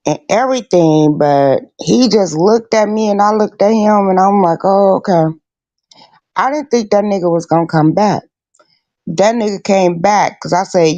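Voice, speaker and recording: A middle-aged woman hosting a relaxed chat show, talking straight and swearing freely as she tells her stories. Her voice sits at an ordinary pitch and sounds close and dry, with no room around it. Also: no echo, muffled recording. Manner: blunt, profane storyteller. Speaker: host. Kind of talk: casual chat.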